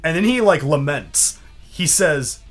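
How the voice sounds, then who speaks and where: Young male podcaster, storyteller, high and lively, does the voices, faint music underneath. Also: measured pace. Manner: animated, acts out quotes in other voices, laughs often. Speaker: podcast co-host. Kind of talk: casual storytelling.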